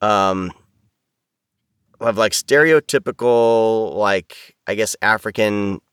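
A man's voice: lowish voice, slow, a bit bright, clear, resonant tone, no echo, clean studio sound. A man talking casually as a podcast guest, rambling with many restarts and fillers over a video call. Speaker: audiobook narrator, podcast guest.

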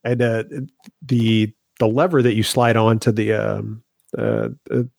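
A man's voice: lowish voice, steady tone, measured pace, vocal fry, darkish tone, dry recording. Dry-sounding sarcastic male podcast host. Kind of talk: casual banter. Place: home recording studio.

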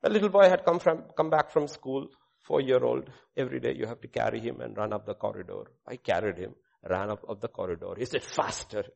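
A middle-aged male pastor preaching a sermon with a personal testimony, swinging between loud proclamation and hushed asides. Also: mid-range voice, brisk, gravelly.

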